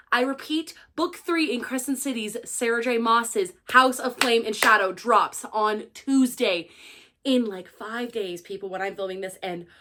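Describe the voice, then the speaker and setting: Woman vlogger, dramatic and gushing, slightly high, bright tone. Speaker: book vlogger. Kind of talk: casual chat to camera.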